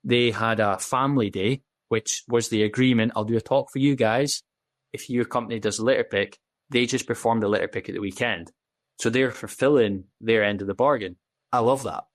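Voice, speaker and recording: A man's voice: medium pitch, a little fast, no room sound. A man, a podcast guest telling his story in candid, casual talk, blunt and full of swearing, acting out the dialogue he quotes. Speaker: podcast guest, safety officer.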